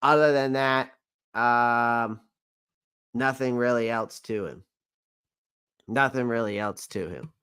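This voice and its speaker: A man's voice: medium pitch, takes it slowly, pauses often, a bit bright, smooth, dry recording. A man hosting a casual live-stream sports talk show, rambling and repeating himself as he reads viewer comments.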